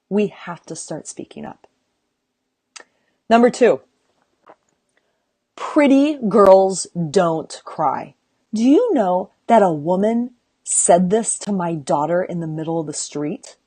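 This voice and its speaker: A woman's voice: on the low side, expressive, mellow, dry recording. A woman hosting a podcast, talking earnestly and emphatically in a motivational tone, often asking "right?" as she drives her points home. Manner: earnest and emphatic, building to rallying calls; unhurried, with frequent rhetorical "right?". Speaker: podcast host and women's circle leader.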